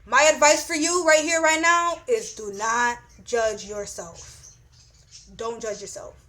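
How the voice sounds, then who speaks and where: A woman's voice: high voice, fairly bright tone. A young woman giving a casual astrology reading, blunt and profane, often repeating "you know what I'm saying.". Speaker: astrology reader.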